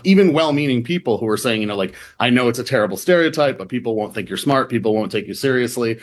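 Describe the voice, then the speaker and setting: A man's voice: mid-range voice, lively intonation, quick pace, few pauses. Man from the Midwest, radio interview guest, conversational and filler-heavy. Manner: chatty, lots of fillers and "like". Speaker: reporter guest.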